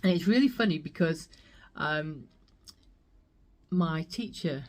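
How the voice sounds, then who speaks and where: A woman's voice: low voice, animated, slow pace, a little mellow. A woman vlogging her thrift finds in a chatty, rambling way, laughing often. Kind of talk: casual chat.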